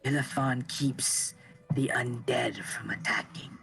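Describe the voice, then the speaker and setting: A man voicing a hunched, spiny cave creature that speaks telepathically in low, clipped, hushed words. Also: fairly even intonation, slow, gravelly. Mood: eerie.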